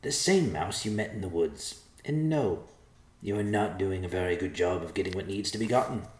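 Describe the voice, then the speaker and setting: A man's voice: low voice, expressive, normal speed, a little mellow. A man voicing a small, smug male white mouse who talks down to everyone sarcastically. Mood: snide. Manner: sarcastic, superior, indignant. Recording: roomy echo.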